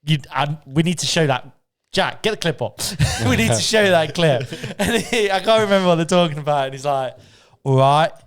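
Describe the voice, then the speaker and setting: Brief: male co-host, mid pitch, lively, teasing and slangy. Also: brisk. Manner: teasing, slangy, laughs often, quotes others in stories. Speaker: podcast co-host. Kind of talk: casual pub-style banter.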